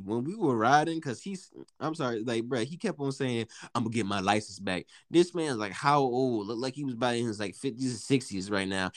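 A man's voice: mid-range voice, dry recording, clean studio sound. Young man telling a profane story. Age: young adult. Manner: animated, profane, laughing storytelling with acted quotes. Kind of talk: casual chat.

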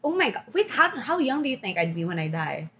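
A woman co-hosting a podcast in casual chat with her best friend, animated and teasing, often laughing. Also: mid-range voice, a little fast. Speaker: podcast co-host.

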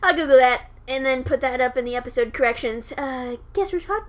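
A woman's voice: high voice, fairly quick. A woman co-hosting a podcast in casual chat, rambling and swearing playfully, with hiccups. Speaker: podcast co-host.

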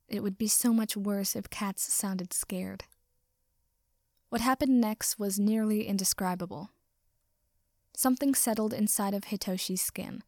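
A woman narrating fan fiction aloud in a measured, even storytelling voice. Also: medium pitch, no echo, studio quality.

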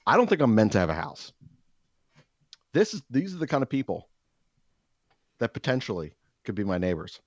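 A man co-hosting a podcast, telling stories in a casual, profane, exaggerated ranting way with loud bursts. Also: on the low side, very animated, normal speed, pauses often, no room sound, highs cut off. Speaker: podcast co-host. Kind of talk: casual storytelling chat.

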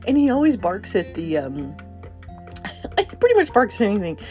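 A woman's voice: medium pitch, huge pitch swings, normal speed, a little mellow, soft background music. A woman hosting a casual morning coffee podcast, chatty and laughing often. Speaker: podcast host.

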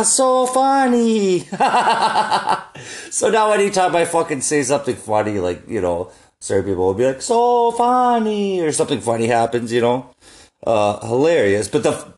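A man's voice: mid-range voice, darkish tone. A young man telling rambling, profane stories in a casual solo chat, often laughing at his own jokes. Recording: echoey room.

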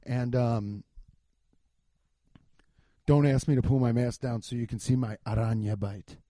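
A young man hosting a casual solo podcast, rambling and swearing, swinging from muttering to loud outbursts. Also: medium pitch, unhurried, dry recording. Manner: loose, profane, rambling with frequent swearing; animated, jumps between muttering and loud outbursts. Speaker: podcast host. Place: home garage.

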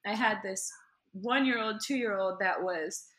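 Bright-voiced woman, chatty guest. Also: mid-range voice, unhurried. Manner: rambling, giggly, many fillers. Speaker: podcast guest. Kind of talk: casual chat.

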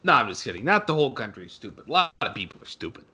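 A man's voice: mid-range voice, big pitch swings, rapid-fire, bright, forceful tone, slightly rough. A young man co-hosting a casual sports podcast, sarcastic and ranting, swearing freely. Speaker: podcast co-host.

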